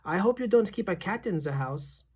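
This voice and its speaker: A woman doing a calm old grandmother. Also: mid-range voice, breathy edge, pitched above the performer's own voice. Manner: calm, measured, unhurried.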